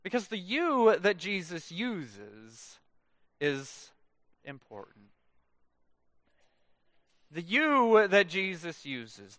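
A male pastor in his thirties delivers a sermon with a high, lively voice that swings widely in pitch. His tone is bright, and the sound is dry and close. Phrase ends often sink into quiet, drawn-out drops. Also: no room sound. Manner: animated storytelling with dramatic soft drops at phrase ends. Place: church.

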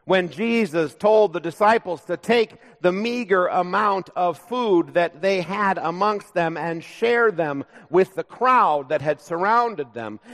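A male pastor preaching a sermon in a church, speaking in a measured, conversational way with light humor. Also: high-pitched, fairly bright tone. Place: church sanctuary. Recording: long reverb of a large church.

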